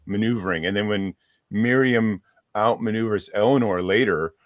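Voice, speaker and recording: A man's voice: on the low side, moderate pace, dry recording. A man chatting casually about a book, rambling with many restarts as he hunts for names. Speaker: guest reviewer.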